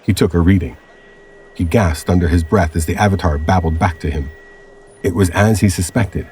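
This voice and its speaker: A man narrating a scripted audio adventure story in a measured storytelling manner. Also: low voice, darkish tone, a little hiss or hum.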